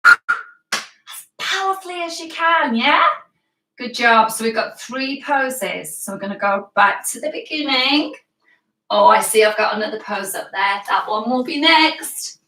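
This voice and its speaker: A woman's voice: a little high, unhurried, sharp tone, far from the mic. A British woman teaching yoga to children, giving playful, encouraging step-by-step instructions. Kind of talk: guiding a children's yoga class live. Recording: echoey room, voice from away from the mic.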